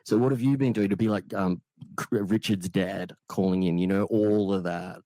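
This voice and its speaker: A man's voice: low-pitched, fairly even intonation, normal speed, warm tone, no room sound. A man co-hosting a podcast, recapping and mocking clips in casual commentary. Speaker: podcast co-host reviewing clips.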